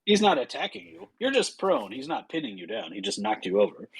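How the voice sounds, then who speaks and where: A man narrating a tabletop game as game master, unhurried, with many fillers. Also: mid-range voice, very animated, gravelly, breathy edge, no room sound, low-quality recording.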